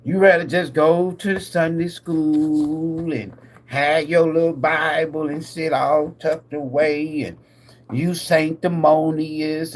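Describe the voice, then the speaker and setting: A man hosting a live tarot stream, ranting like a preacher with lots of swearing. He laughs often, asks his viewers questions, and swings between loud bursts and muttered asides. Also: a little high. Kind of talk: profane preacher-style rant.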